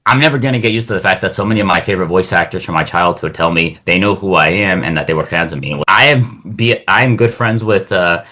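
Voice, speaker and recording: A young man chatting as a podcast guest in a lively, animated way. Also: sits low, fast, few pauses. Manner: animated, acts out quoted voices. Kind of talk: casual chat.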